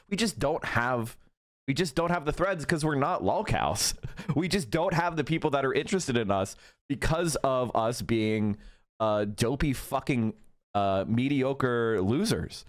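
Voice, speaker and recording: A man's voice: medium pitch, no echo, clean studio sound. A man in his thirties ranting profanely and mockingly during a live stream commentary.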